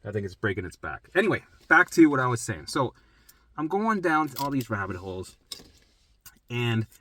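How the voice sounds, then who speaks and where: A man's voice: mid-range voice, sing-song, moderate pace, sharp tone. A man rambling through his own health story in casual, profane, emphatic storytelling. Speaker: vlogger sharing a health journey.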